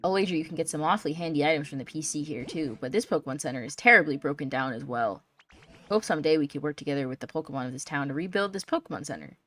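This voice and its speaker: Woman voicing a fussy older gentleman, polite, old-fashioned game mentor. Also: low voice, expressive, very fast, soft background music. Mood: encouraging.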